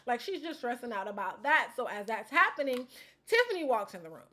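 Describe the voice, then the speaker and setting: A young woman casually recapping her time on a reality show, animated and quick to laugh as she acts out what people said. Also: fairly high pitch. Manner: animated storytelling, acts out quotes, laughs often.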